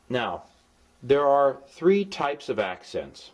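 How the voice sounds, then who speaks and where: Folksy low-voiced man teaching. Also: big pitch swings, darkish tone. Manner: folksy, explains with playful asides and repeated examples; sounds out syllables slowly. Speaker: Greek tutor. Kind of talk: informal recorded lesson.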